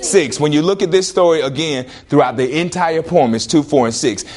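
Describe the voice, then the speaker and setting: A man teaching a classroom lesson, questioning students and repeating prompts in an animated way. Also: fairly high pitch, brisk.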